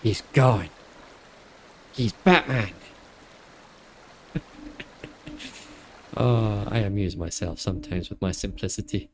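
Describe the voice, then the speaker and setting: A man's voice: fairly low pitch, takes it slowly, pauses often, darkish tone, slight background noise. A man giving casual, chatty commentary as he streams a game, upbeat and laughing at his own jokes. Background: video game music.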